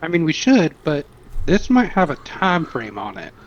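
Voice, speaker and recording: A man's voice: on the high side, wildly swooping pitch, moderate pace, lo-fi sound, a little hiss or hum. A man playing a tabletop game, rambling and joking. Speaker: player.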